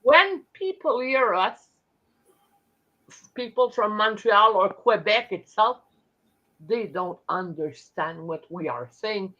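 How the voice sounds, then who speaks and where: A bright-voiced woman with a French Canadian accent chats slowly on a live stream. She stops and restarts a lot, and the audio comes through dull and lo-fi. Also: medium pitch, expressive. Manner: chatty, halting with restarts, talks with her hands. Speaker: host. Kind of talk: casual live-stream chat.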